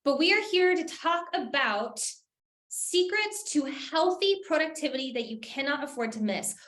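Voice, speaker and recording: Woman speaker, high voice, upbeat and engaging, interactive webinar, echoey room. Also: lively intonation, moderate pace, fairly bright tone. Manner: upbeat, engaging, calls out to the chat. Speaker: workshop speaker and coach. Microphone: video call.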